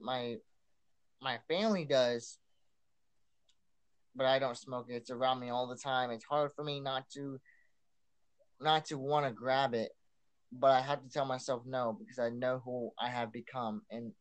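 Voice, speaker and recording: Earnest young man giving testimony. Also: mid-range voice. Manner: earnest, repeats himself and restarts often. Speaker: podcast guest. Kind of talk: personal testimony.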